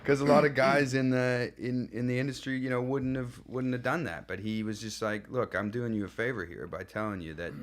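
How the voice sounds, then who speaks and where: A young adult man from Canada, a guest actor telling stories in a casual podcast chat, animated and laughing as he acts out what people said. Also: medium pitch, brisk, few pauses.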